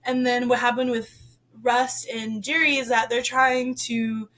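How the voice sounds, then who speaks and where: A young woman with a high, bright-sounding voice talks through a book in a loose, casual way. She rambles, leaning on "like" and "um" constantly, and gets expressive when something bothers her. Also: a little slow. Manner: rambling, heavy use of "like" and "um". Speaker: book reviewer. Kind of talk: casual book review chat.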